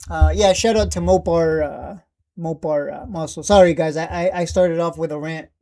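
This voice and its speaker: A man's voice: a little high, fairly even intonation, moderate pace, warm tone. A man hosting a live trading stream, ranting bluntly and with plenty of swearing, repeating himself in exasperation.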